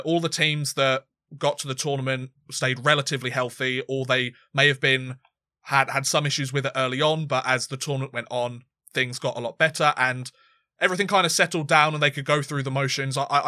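A man's voice: mid-range voice, bright, forceful tone, no room sound, clean studio sound. A man co-hosting a sports podcast, chatting casually and rambling, with frequent restarts and fillers. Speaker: podcast co-host.

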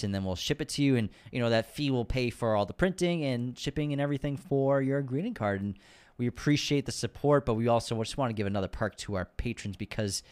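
A man with a Boston accent hosting a podcast, relaxed in casual chat and upbeat when reading the show's plugs. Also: mid-range voice, smooth. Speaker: podcast host. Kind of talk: casual chat and show sign-off.

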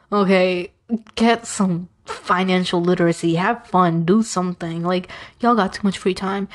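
A young woman hosting a podcast, chatting casually and acting out the people in her stories. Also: medium pitch. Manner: chatty, animated retelling with acted-out quotes. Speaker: podcast host. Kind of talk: casual storytelling.

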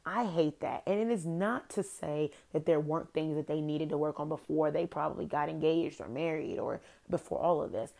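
Woman podcast host, low gravelly voice, sassy and profane recap rant. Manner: profane, sassy, animated commentary. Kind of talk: casual reality-TV recap rant.

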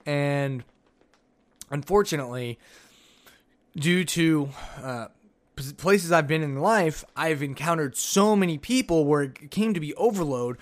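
A man hosting a solo podcast, chatting casually and rambling through old notes with jokey asides. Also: a little high. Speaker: podcast host.

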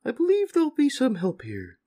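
A man voicing a giant, kindly floating cow head in a booming, high, sing-song voice for a comic read-aloud. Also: wildly swooping pitch, brisk, dark tone, full character voice. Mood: grandly kind.

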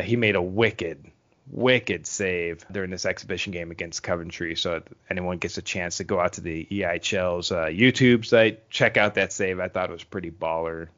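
Low-voiced man, easygoing hockey podcast chat. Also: a bit bright. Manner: easygoing, explains with many fillers. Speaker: podcast co-host. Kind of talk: casual sports chat. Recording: dull lo-fi podcast audio.

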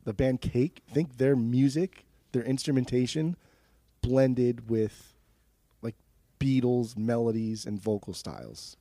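A young man talks loosely on a podcast, dropping curses and restarting his sentences. His voice is dark and mellow. The sound is dry and close, with no room in it. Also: medium pitch, takes it slowly, no room sound. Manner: laid-back, swearing, laughing often, restarts. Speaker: podcast co-host. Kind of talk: casual chat.

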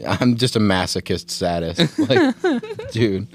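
A man's voice: on the low side, huge pitch swings, extremely slow. A young man co-hosting a podcast in casual chat, joking and laughing, swearing often. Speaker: podcast co-host.

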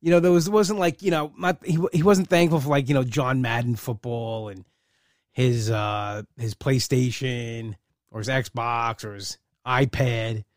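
A man's voice: mid-range voice, fairly even intonation, measured pace, no echo, studio quality. A man in a casual personal monologue, rambling with many fillers and restarts, heartfelt and proud. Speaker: uncle and godfather.

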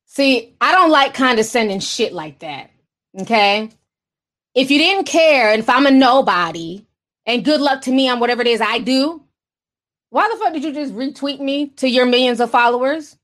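A woman's voice: high-pitched, expressive, moderate pace, a bit bright. A woman giving casual gossip commentary, blunt, sarcastic and profane. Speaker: commentary vlogger.

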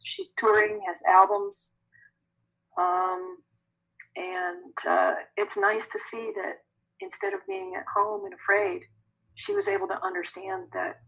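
A woman who works as an energy healer, answering podcast interview questions in a chatty, animated way. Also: mid-range voice, vocal fry, husky, poor audio. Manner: animated, conversational, laughs often.

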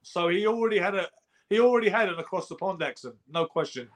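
British man, high voice, argumentative, emphatic, casual podcast debate. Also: lively intonation, quick pace. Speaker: podcast co-host.

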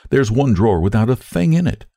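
A man's voice: mid-range voice, sing-song, a little fast, dark tone, no echo, clean studio sound, voice pushed up. A man reading aloud and voicing a kindly, sentimental older woman in a raised, lilting voice.

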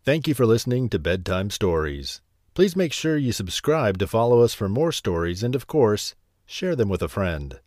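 A man narrating a bedtime story as the host, slow and lively. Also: on the low side, no echo, studio quality.

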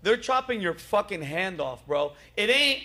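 A man's voice: high voice, very animated, a little slow, pushed and bright. A man hosting a casual comedy chat show, ranting animatedly and swearing freely. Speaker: host.

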